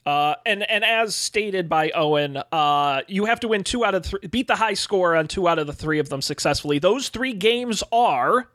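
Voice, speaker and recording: Bright, lively game master man. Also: high voice, no echo. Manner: chatty, hesitant with "uh" fillers. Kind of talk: narrating a tabletop game.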